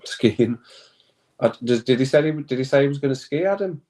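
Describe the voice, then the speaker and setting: Hosting a laid-back watch-along, this live streamer keeps up a chatty back-and-forth with viewers, reading chat aloud, reacting to what happens in play, and laughing frequently. His voice is mellow and mid-pitched, animated and fairly quick.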